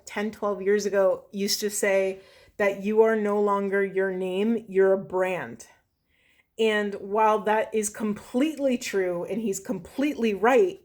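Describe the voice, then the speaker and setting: A woman tarot reader in her thirties, talking to her viewers in an earnest, gently emotional way with many fillers. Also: mid-range voice. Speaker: tarot reader and spiritual coach. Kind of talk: casual spiritual reading monologue.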